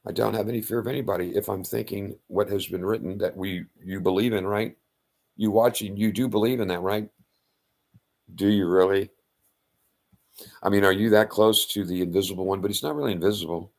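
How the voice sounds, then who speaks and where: Low, gravelly male storyteller: casual, animated, punchy sound effects, crude language. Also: a little fast. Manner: animated, loud sound-effect outbursts and blunt profanity. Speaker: self-styled faith speaker. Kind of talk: casual retelling of a Bible story.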